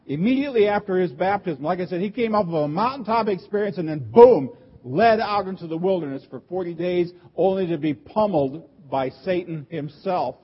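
A pastor delivering a sermon, earnest and emphatic, with repeated rhetorical questions. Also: male voice, fairly high pitch, breathy edge, muffled recording.

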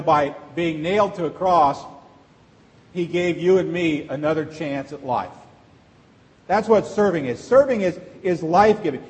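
In a big, echoing church sanctuary, a high-voiced male pastor gives a sermon in a conversational style, asking rhetorical questions as he goes. His words carry the lengthy reverberation of the large hall.

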